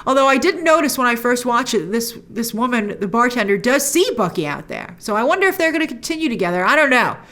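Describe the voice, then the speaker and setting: A woman hosting a casual spoken review of a TV episode, acting out characters' lines and adding frequent asides. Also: on the high side. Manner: animated, acts out characters' lines in quick voices.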